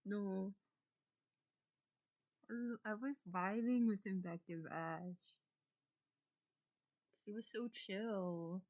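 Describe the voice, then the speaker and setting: A young woman doing let's play commentary, giggly and excitable, voicing the dialogue with a sore throat. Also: medium pitch, very slow, long pauses, rough recording. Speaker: game streamer.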